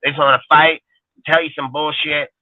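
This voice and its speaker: A man's voice: on the high side, flat delivery, normal speed, no room sound. Heated, profane young man on a tinny line. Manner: heated, profane, swaggering rant. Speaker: show host. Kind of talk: profane call-in show rant. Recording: tinny phone-line sound.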